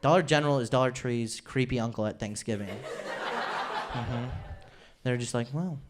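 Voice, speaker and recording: A man's voice: medium pitch, normal speed, heavy background noise. A man in his twenties doing a rambling, self-deprecating stand-up routine on a comedy club stage. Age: 20s.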